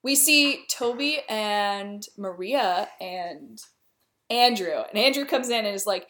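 A woman's voice: on the high side, expressive, measured pace, a bit bright. A young woman casually retelling a comic play in slangy everyday words, briefly acting out the characters' lines. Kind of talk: casual plot retelling with quoted voices.

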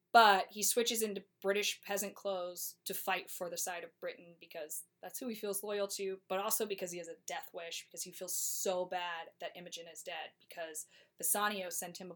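A woman casually summarizing a play's plot, wry and chatty, acting out the characters' lines in quick voices. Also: medium pitch, a bit bright.

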